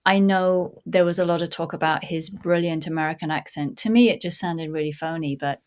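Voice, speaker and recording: A British woman with a middle-class English estuary accent, speaking as a guest accent coach. Her voice sits fairly low, and she explains things in a measured way. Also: darkish tone. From Britain. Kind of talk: casual podcast chat.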